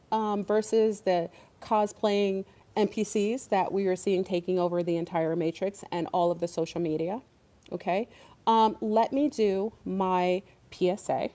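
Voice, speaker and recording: Woman host for a casual online talk stream; warm, darker voice, rambling and emphatic. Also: medium pitch, unhurried. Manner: rambling, emphatic, many fillers.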